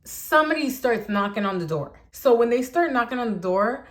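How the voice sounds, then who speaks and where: A young adult woman vlogger telling a personal story in a casual, animated way, filling her talk with "like". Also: a little high, normal speed. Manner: chatty, animated, heavy use of "like".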